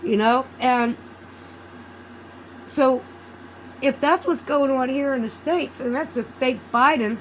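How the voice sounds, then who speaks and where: A woman's voice: sits high, slow pace, long pauses, a little hiss or hum, low-quality recording. A woman vlogging in a casual, rambling chat. She swears freely and loses her train of thought.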